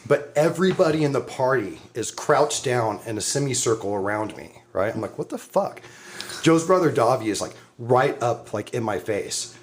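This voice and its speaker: A man's voice: medium pitch, moderate pace, few pauses, slight background noise. Middle aged guy telling a crazy party story on a podcast, laughing, cursing a lot, medium voice. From Southern California. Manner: animated, laughs often, swears freely. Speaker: podcast co-host. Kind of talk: casual storytelling.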